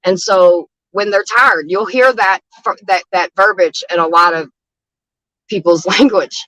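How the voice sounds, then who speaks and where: A woman's voice: medium pitch, measured pace, a bit bright, no echo, rough recording. A woman street outreach advocate telling stories in a casual chat, frank and blunt, with frequent swearing. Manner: frank and blunt, with frequent swearing and "you know what I mean".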